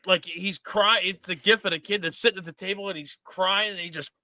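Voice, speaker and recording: A man's voice: high-pitched, fairly even intonation, brisk, bright, forceful tone, no room sound, poor audio. A man hosting a casual sports podcast, ranting animatedly with exasperation. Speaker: podcast host.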